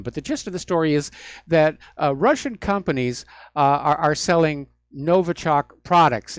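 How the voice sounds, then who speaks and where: Alone on talk radio, a male host riffs through the news with plenty of sardonic, mocking asides. His voice is somewhat high for a man and clean in tone, recorded close and dry in a studio with no room echo.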